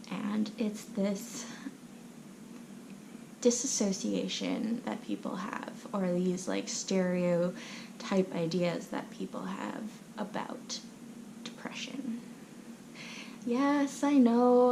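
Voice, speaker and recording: A woman's voice: mid-range voice, mellow, slight background noise, low-quality recording. A young woman hosting her own channel, chatting casually and often half-whispering at home, rambling with lots of fillers and restarts. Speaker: channel host. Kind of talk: casual personal chat to camera. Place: at home, someone asleep next door.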